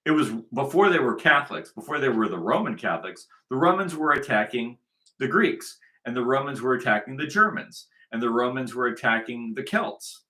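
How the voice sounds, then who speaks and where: A man delivering an angry, profane commentary rant, restarting and repeating his words as he goes. His voice is bright and edged, sitting at an ordinary middle pitch for a man. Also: very animated, brisk. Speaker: commentary host. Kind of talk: ranting commentary over played clips.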